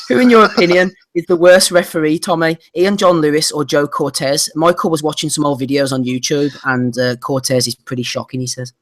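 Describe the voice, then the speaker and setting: A man's voice: on the high side, fairly even intonation, a little fast. A man hosting a live boxing podcast, reading listener questions and steering the chat in a wry, exasperated way. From Glasgow, Scotland. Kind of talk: casual live podcast banter.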